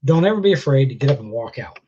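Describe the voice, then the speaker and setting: A man's voice: medium pitch, very animated, quick pace, background noise. Guy with a chest cold ranting on a live stream, blunt and sweary, kinda muffled lo-fi sound. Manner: blunt, scolding, swears freely. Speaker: vlogger. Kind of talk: casual live stream rant.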